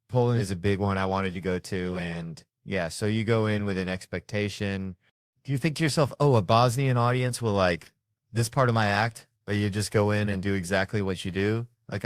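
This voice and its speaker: A low-pitched man tells long, meandering comic stories in a relaxed interview chat. His voice sits close and dry with almost no room around it. He talks like a touring stand-up swapping road tales. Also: clear, resonant tone, no echo. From United States. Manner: rambling, joking storyteller. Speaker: comedian guest.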